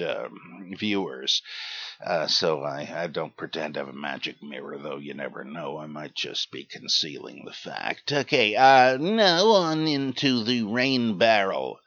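A man's voice: lowish voice, a bit bright. An older man hosting a podcast, reading out listener names and questions in a rambling way with dry asides and many hesitations. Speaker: podcast host. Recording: dull lo-fi recording.

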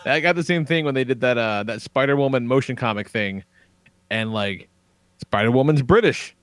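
A man's voice: medium pitch, normal speed, fairly bright tone, dry recording. A man in casual podcast chat, laid-back and casually swearing. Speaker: podcast guest.

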